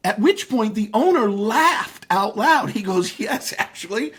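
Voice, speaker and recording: A middle-aged man speaks as an interview guest with a slightly husky, somewhat high voice. His pitch swings widely as he tells stories. He talks in a casual, animated way and acts out the people in his anecdotes. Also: unhurried.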